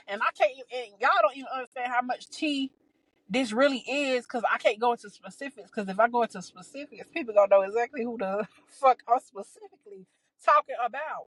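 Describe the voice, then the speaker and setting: A young adult woman, talking a bit high in her range. She recounts a story in a loose, profane, exasperated podcast style, stumbling and restarting as she goes. The recording is close and dry, with no room sound around her. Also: a little fast, husky, no room sound, rough recording. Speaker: podcast host. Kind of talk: casual storytelling.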